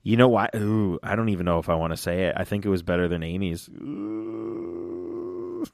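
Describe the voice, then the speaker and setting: A man in a casual fan chat, talking excitedly and rambling, often acting out lines in little voices. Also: deep voice, fast talker, dry recording, clean studio sound. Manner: excited, rambling, acts out quotes.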